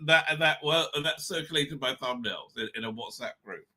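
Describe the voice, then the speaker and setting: A man's voice: medium pitch, moderate pace, bright, forceful tone. A man hosting a live stream, rambling crudely and laughing often between his own remarks.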